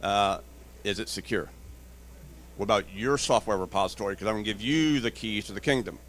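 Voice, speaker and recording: A man's voice: fairly low pitch, a little fast, fairly bright tone, slight background noise. Blunt joking man on a conference panel. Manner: storytelling, acts out dialogue in quotes. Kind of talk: panel discussion. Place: conference stage.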